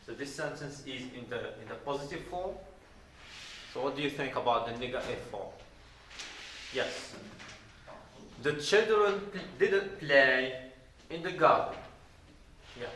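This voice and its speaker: Guy from morocco teaching english grammar, real slow and careful, echoey room. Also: medium pitch, lively intonation, fairly bright tone, slight background noise. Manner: deliberate, repeating words and spelling out endings. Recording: roomy echo.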